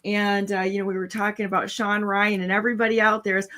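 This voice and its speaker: A woman's voice: medium pitch, level tone, quick pace, a bit bright. A woman hosting a casual talk show, talking bluntly and cynically in long, rambling runs. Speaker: show host.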